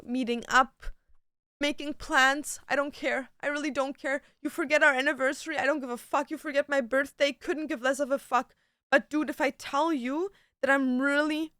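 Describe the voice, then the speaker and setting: A woman's voice: sits high, sharp tone, no echo, studio quality. A young woman streaming from home, telling a ranting story in casual chat full of fillers and swearing.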